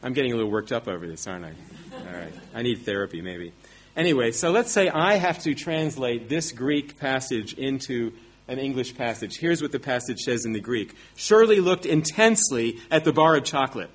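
A man's voice: medium pitch, fairly quick. A man preaching a sermon, teaching emphatically with rhetorical questions and self-deprecating asides.

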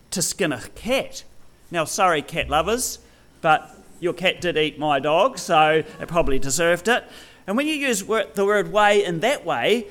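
A man's voice: high voice, fairly bright tone. A man giving a sermon to his congregation, joking with them and teasing people by name. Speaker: pastor.

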